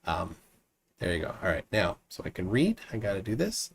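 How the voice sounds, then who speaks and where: A man hosting a casual live stream, reading viewer comments aloud and chatting between them. His pitch swings widely and lively. He rambles, restarts sentences and fills pauses with ums. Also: gravelly, slightly rough. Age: adult, married. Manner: rambling with frequent restarts and fillers.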